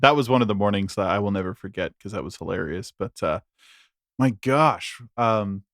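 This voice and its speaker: A man's voice: lowish voice, moderate pace, fairly bright tone, no echo, clean studio sound. Rambling young male podcast host. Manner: rambling, laughing storyteller. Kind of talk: casual chat.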